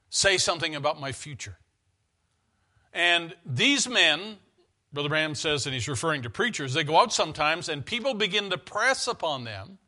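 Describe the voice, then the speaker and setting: A man's voice: on the high side, sharp tone. A man preaching an earnest, conversational sermon in a church, often restarting his phrases.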